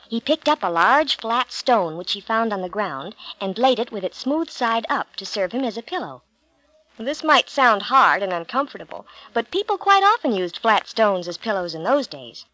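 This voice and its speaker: A woman narrating a children's Bible storybook in an expressive, gentle read-aloud manner. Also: on the high side, dry recording, rough recording.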